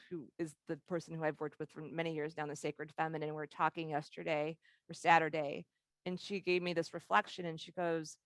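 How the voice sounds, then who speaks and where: A woman teaches a live leadership workshop, telling candid stories and laughing along the way. Her voice sits a little low for a woman. She speaks over a video call, and the sound is close and dry. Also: a bit bright, smooth, no room sound.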